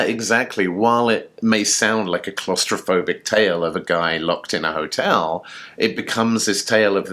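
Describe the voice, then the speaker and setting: A man's voice: low-pitched, a bit bright. A man co-hosting a casual chat show, telling a story in an enthusiastic, chatty way with fillers. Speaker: podcast co-host.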